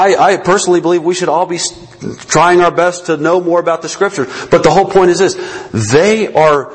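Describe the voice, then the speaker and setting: A man's voice: high voice, husky. A man preaching a sermon, earnest and growing fervent, often restarting his sentences. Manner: earnest, rising to fervent emphasis, many restarts. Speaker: pastor.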